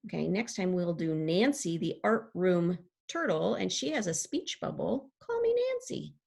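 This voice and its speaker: A woman teacher pausing her read-aloud to ask young listeners gentle questions. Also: lowish voice, animated, creaky. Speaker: teacher reading to children.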